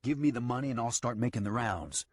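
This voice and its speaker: A man's voice: medium pitch, fast, no room sound, voice pushed up, lightly acted. A man voicing a rattled, nervous gambler who keeps protesting in a jittery way, in an audiobook.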